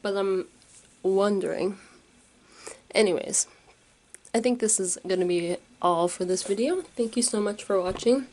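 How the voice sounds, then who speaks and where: A woman's voice: mid-range voice, measured pace, long pauses, a little mellow, low-quality recording. A young woman vlogging casually, rambling and unsure, with many fillers. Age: young adult. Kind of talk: casual vlog.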